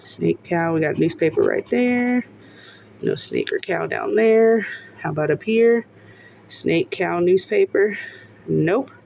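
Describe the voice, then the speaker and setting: Excitable woman scratching lottery tickets. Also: fairly low pitch, slow pace, creaky, a little hiss or hum. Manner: excitable, exclaiming and laughing often. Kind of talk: casual narration while scratching tickets.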